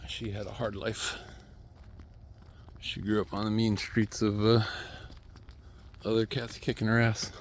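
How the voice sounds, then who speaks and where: A man's voice: fairly low pitch, flat delivery, takes it slowly, long pauses, fairly bright tone, a little hiss or hum. A man talking to the camera at home in a rambling, restless solo monologue, with chuckling asides and remarks to his cat. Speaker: vlogger.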